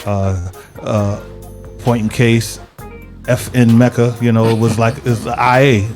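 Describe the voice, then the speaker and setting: A man's voice: mid-range voice, fairly even intonation, takes it slowly, a little mellow. A man co-hosts a call-in radio show in an easygoing way. His phrases often trail off. Faint music sits underneath. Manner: laid-back, trailing off. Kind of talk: casual radio chat.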